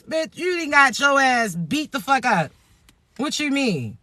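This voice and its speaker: A woman vlogger giving blunt, profane spiritual advice in a joking, streetwise way, with low "mm-mm" asides. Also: very animated, unhurried, pushed and bright, no echo. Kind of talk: casual spiritual advice rant.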